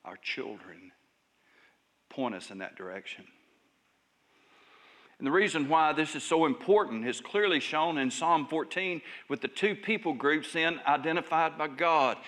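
A male pastor preaching a sermon in a church service, emphatic and raised at times, then dropping to soft, hushed lines. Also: a little high, lively intonation, measured pace.

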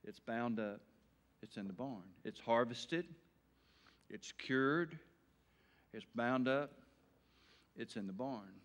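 A middle-aged male pastor preaching an evening sermon in a folksy way, swinging between loud emphatic bursts and quiet earnest talk. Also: mid-range voice, takes it slowly, pauses often.

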